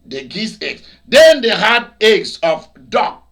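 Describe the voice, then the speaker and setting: Animated Nigerian preacher man, high bright voice. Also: takes it slowly. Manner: animated storytelling with shouted outbursts and laughter. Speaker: pastor. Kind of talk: preaching to a broadcast audience.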